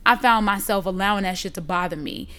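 A woman's voice: medium pitch, quick pace. A woman in casual chat, telling a story with lots of profanity and acting out what people said. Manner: animated storytelling, profane, acts out quotes.

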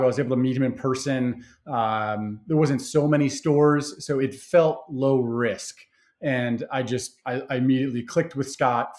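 A man's voice: mid-range voice, darkish tone. A man being interviewed about starting his party game company, talking in an easygoing way with plenty of fillers and restarts. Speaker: game creator guest. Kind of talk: conversational interview.

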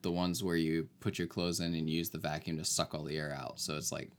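A man co-hosting a casual movie chat with dry, deadpan wit. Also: very deep voice, a little fast. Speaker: podcast co-host reviewing a movie.

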